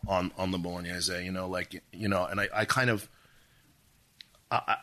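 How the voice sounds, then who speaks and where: A man from Hawaii, a podcast guest in casual chat, talking with halting restarts and fillers. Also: low voice, little pitch movement, pushed and bright.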